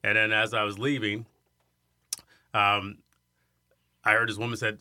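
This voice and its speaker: Fifties male guest from Iowa, lowish voice with a bright edge, animated storyteller; dry sound. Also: a little slow, long pauses, no echo. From Iowa, USA. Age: 50s. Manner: animated storyteller who acts out quoted voices. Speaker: guest, singer and arts center director. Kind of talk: storytelling in an interview.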